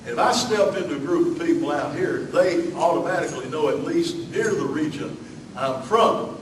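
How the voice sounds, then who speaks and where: A man's voice: a little high, expressive, moderate pace, echoey room, distant mic, background noise. A man from Alabama with a Southern accent, preaching a sermon as pastor in a folksy way, with lots of fillers and asides.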